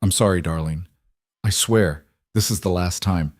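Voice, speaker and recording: A beaten young nobleman in an audiobook story, polished but strained by pain as he pleads, with a man acting him out. The voice is low and dry, close to the mic. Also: moderate pace, no room sound. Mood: pleading. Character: wounded cultured young nobleman, quick-witted.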